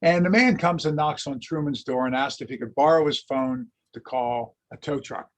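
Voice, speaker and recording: A man lecturing on history, telling anecdotes in a lively storytelling way and acting out the quotes. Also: mid-range voice, moderate pace. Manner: animated storyteller, acts out quotes. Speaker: lecturer and teacher.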